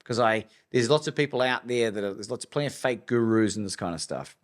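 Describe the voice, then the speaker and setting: A man with an Australian accent, a coach telling a story on a podcast in an animated way and acting out the dialogue. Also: medium pitch, fast talker. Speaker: guest, coach and speaker.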